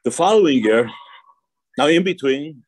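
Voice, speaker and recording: A man's voice: a little high, animated, normal speed, husky, no room sound. A man, a rabbi, teaching an informal class, telling stories with many restarts and small laughs. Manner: digressive storytelling with frequent laughs and restarts.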